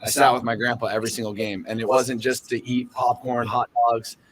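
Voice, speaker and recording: A young man from Southern California answers interview questions as a professional catcher. He talks earnestly at an ordinary, middle pitch and stops often for fillers and restarts. A faint hiss sits under his voice. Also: flat delivery, brisk, low-quality recording. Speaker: guest, professional baseball catcher. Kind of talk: casual podcast interview.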